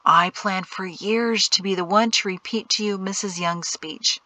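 A woman reading the lines of a bulky, gentle man in black in an audiobook, speaking quietly and sometimes hushed. Her tone is bright and the recording dry and close. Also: medium pitch, fairly even intonation, measured pace, dry recording. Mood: earnest.

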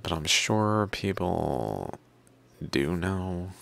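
A man's voice: low voice, sing-song, extremely slow, vocal fry, a bit bright. A man hosting a podcast, talking casually and musing aloud, trailing off into half-finished sentences. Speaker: podcast host.

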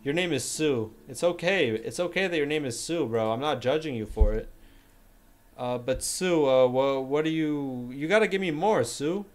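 A man's voice: on the high side, normal speed. A young man casually chatting on a livestream, joking, using slang and reading chat messages aloud.

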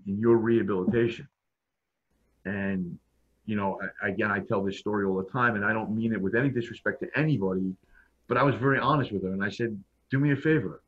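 A man's voice: on the low side, breathy edge. A man telling his personal story as a podcast guest, blunt and frank, often restarting his sentences. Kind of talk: personal storytelling in a casual interview. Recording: dull lo-fi sound.

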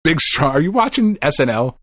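A middle-aged man co-hosting a podcast, telling a story in a casual, animated way, swearing often and acting out the people he quotes. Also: fairly high pitch, fairly quick, dry recording, studio quality. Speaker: podcast co-host.

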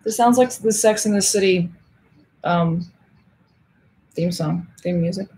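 A woman's voice: lowish voice, a little slow, warm tone. A young adult woman hosting a casual livestream, chatting with viewers, laughing often and counting cards aloud as she works. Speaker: livestream host.

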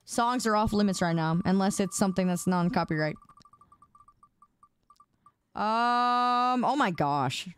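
A sleep-deprived woman streamer chats casually with her viewers in a live stream, playfully teasing and pleading with them. Her mid-range voice is smooth and unhurried, broken by long pauses.

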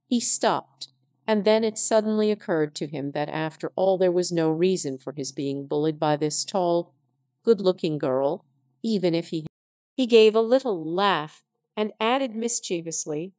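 A synthetic-sounding woman narrating a story in an even, unhurried reading voice. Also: mid-range voice, no echo. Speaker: audiobook narrator. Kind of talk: scripted narration.

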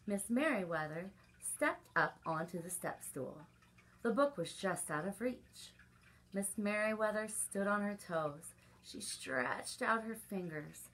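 With a medium-pitched voice, a woman librarian takes it slowly as she reads a picture book at kids' story time. She reads expressively and adds little remarks to the children.

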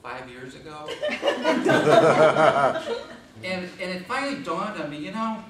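A man giving a humorous contest speech, telling a comic story in an animated way. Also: a little high, slow pace, over a noisy crowd. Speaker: contest speaker. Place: meeting room. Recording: echoey room, distant mic, noise.

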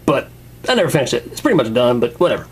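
A man's voice: medium pitch, very animated, rapid-fire, darkish tone, slight background noise. A man rambling casually through a toy review.

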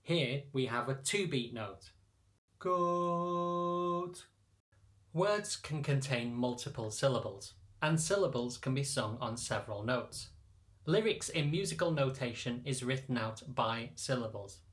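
A man who teaches choir singers, calmly explaining step by step how to read lyrics in sheet music. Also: medium pitch, moderate pace. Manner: patient, methodical explaining. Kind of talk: instructional narration.

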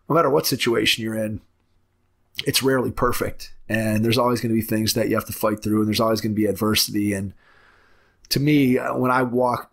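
Casting: male podcast host, gravelly and husky, steady flat delivery, reflective. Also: lowish voice. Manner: reflective, flowing commentary. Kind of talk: podcast interview.

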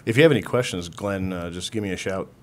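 Very deep-voiced man giving a council report. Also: fast, slight background noise. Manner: plain, steady report with frequent filler uhs. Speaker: city official reporting on an airline service.

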